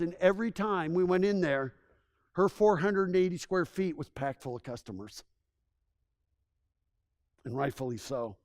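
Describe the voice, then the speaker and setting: A man's voice: sits high, darkish tone. A man giving a rambling, enthusiastic presentation to a local audience, telling stories with frequent restarts. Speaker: presenter giving a town assessment.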